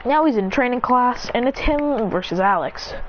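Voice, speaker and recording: A woman's voice: a little high, lively intonation, normal speed. A woman casually narrating an improvised story, rambling and correcting herself as she acts out the characters' lines. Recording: dull lo-fi recording with faint noise.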